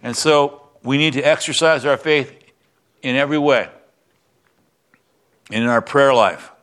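Pastor guy preaching, reads the bible bit then talks it through, mid pitch. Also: measured pace, fairly bright tone. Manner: conversational Bible teaching, reads scripture then explains it. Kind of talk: sermon.

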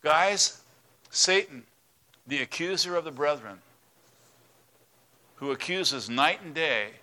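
Bright, animated male pastor. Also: on the high side, slow. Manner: animated storyteller acting out voices. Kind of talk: sermon storytelling.

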